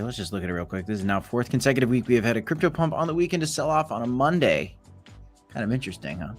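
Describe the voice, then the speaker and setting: A man's voice: fairly low pitch, fairly bright tone. A man hosting a casual live stream of market commentary, chatty with playful asides and bursts of hype. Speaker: crypto live stream host.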